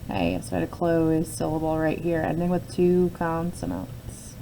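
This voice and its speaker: Brief: woman teacher, lower mellow voice, patient step-by-step phonics lesson, faint noise behind. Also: completely flat delivery, moderate pace, creaky, low-quality recording. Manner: patient, explains step by step with frequent "okay?" check-ins. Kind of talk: phonics lesson, talking through a word sort.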